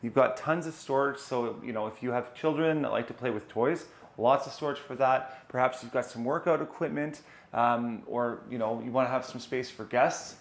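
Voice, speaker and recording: A man's voice: mid-range voice, moderate pace, creaky. A man hosting a home tour, walking room to room and talking enthusiastically in a casual, conversational way, often repeating words for emphasis. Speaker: real estate tour host. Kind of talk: casual walkthrough of a house. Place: indoors, walking through a house.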